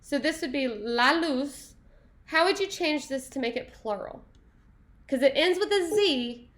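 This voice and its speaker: A woman teaching a Spanish class, upbeat and playful, praising answers and breaking into quick asides. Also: high-pitched, lively intonation, fairly bright tone. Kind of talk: classroom lesson.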